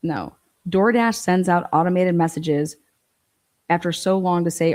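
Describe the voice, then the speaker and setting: A woman's voice: fairly low pitch, measured pace, a little mellow. A woman giving blunt, profane, incredulous commentary on a true crime livestream.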